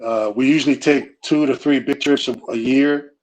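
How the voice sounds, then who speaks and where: A man's voice: mid-range voice, steady tone, normal speed, poor audio. A middle-aged man in casual conversation, talking loosely with frequent restarts and "you know" fillers. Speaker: guest speaker on family.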